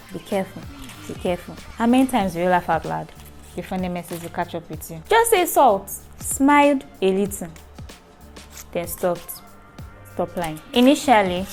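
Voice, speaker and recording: A young woman hosting her own vlog in a chatty, playful way, teasing her viewers. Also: medium pitch. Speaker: show host. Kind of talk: casual vlog talk.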